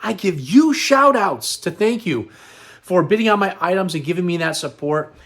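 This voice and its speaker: A middle-aged man talks through his vlog in a loose, rambling way with an upbeat lift. His voice sits high for a man. He sounds tired and a little worn. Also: expressive, normal speed, a bit bright. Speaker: host. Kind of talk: casual vlog chat.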